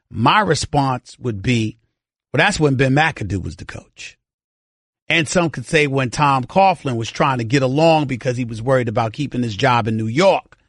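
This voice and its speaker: A man holds forth on sports talk radio, pressing every point with insistent repetition. His voice is hoarse and worn after a throat procedure. The studio sound is dry and close. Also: medium pitch, no room sound. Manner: emphatic, opinionated, repetitive for stress.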